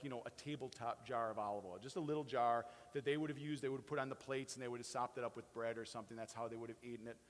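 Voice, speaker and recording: Pastor preaching in a reverberant hall. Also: male voice, medium pitch. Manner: swings between hushed quoting and rising excited emphasis. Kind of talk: sermon. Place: church sanctuary.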